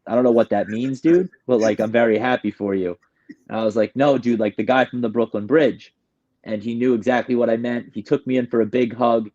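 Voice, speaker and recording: In a slightly mellow, mid-range voice, a man from New York shares his recovery story as a guest. He rambles candidly and emotionally, often starting sentences anew, and the recording is muffled.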